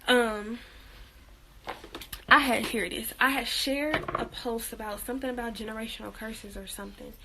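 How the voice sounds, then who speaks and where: Young female vlogger, casual and chatty, lots of fillers, higher pitch, phone mic at home with faint ambience. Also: fairly even intonation, normal speed, noisy background. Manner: chatty, laughs often, many fillers. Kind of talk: casual chat.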